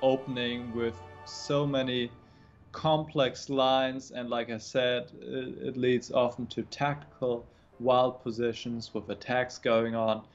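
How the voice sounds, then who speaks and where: A man's voice: mid-range voice, flat delivery, slow pace, highs cut off, soft background music. A chess grandmaster on a livestream, explaining his moves patiently in casual chat, often restarting his sentences.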